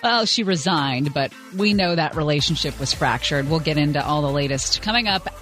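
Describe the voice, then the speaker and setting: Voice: medium pitch, animated, normal speed, a bit bright. Wry radio co-host over faint music. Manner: wry, exasperated commentary. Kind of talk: casual talk radio banter. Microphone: studio microphone.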